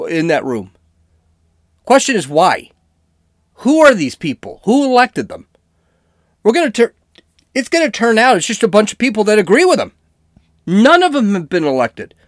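A man's voice: high voice, no room sound, studio quality. A man hosting a casual political podcast, talking in a sarcastic, ranting way. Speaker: podcast host.

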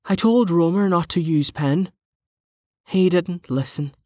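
A man narrating an audiobook voices a blunt young woman in a raised, slower voice with a deadpan manner. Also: sits high, dry recording, clean studio sound, voice pushed up. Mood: dry.

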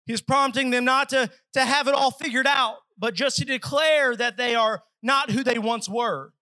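A man with a very high, bright voice preaches a sermon at a church service. He is earnest and dramatic, slipping into pleading voices, and the sound is dry and close. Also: moderate pace, no echo, rough recording.

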